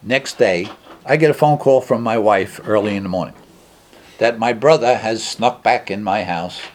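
Older man telling his story, low voice. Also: normal speed, a little hiss or hum. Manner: animated, acts out dialogue in his anecdotes. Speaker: recovering alcoholic sharing his story. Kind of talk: personal storytelling talk.

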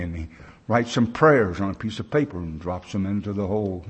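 A man's voice: sits low, expressive, fairly quick, breathy edge. A man in his sixties speaking at a recovery meeting, telling stories in a folksy, plain-spoken way with loose grammar.

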